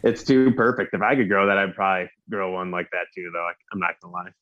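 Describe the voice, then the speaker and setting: A man's voice: sits low, fast. A man co-hosting a casual football talk show, breaking down plays in an easygoing way and chuckling often. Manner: easygoing, chuckling, laid-back analysis. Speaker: sports podcast co-host. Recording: dull lo-fi sound.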